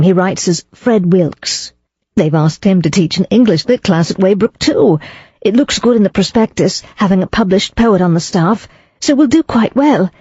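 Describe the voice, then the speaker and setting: A woman's voice: lowish voice, dark tone, breathy edge, no echo, muffled recording. A woman voicing an eager, plain-spoken young Englishwoman in an audiobook.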